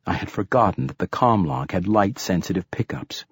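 Low, breathy male audiobook narrator. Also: lively intonation, moderate pace, hardly any pauses, no room sound. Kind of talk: first-person audiobook narration.

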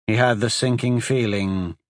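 A man's voice: medium pitch, a little slow, no room sound. Man narrating an audiobook, dry sound. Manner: steady, dramatic storytelling. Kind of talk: scripted narration.

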